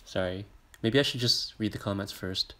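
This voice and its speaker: A young man in a casual live stream, talking in a flat, monotone way while he reacts to videos and reads out comments. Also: moderate pace. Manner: monotone, low-key; rambling, filler-heavy, reads comments aloud. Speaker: livestreamer reacting to music videos. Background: pop music playing.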